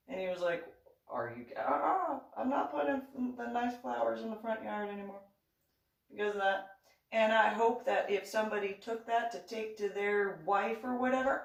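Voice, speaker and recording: Indignant woman vlogger, roomy and distant. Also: medium pitch. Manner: animated, indignant retelling that acts out dialogue. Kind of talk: casual storytelling monologue. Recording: roomy echo, voice far from the mic.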